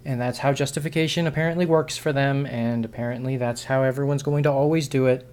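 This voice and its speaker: A man's voice: mid-range voice, fairly even intonation, quick pace, a little mellow, clear, resonant tone. A man vlogging an unscripted opinion monologue, frustrated and sarcastic, rambling with frequent restarts and self-corrections.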